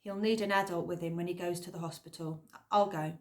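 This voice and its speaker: A woman's voice: on the low side, steady tone, a little fast, a little mellow, natural voice. A woman voicing a kindly, helpful adult man who speaks mildly and mutters a little sheepishly. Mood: gentle. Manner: mild, muttering.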